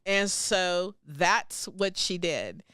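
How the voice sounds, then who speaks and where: Middle-aged woman, lively swooping pitch, laughs often, acts out dialogue, dry close sound. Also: drawn-out words, smooth, no echo. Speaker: podcast host, interviewed guest. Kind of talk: casual storytelling conversation.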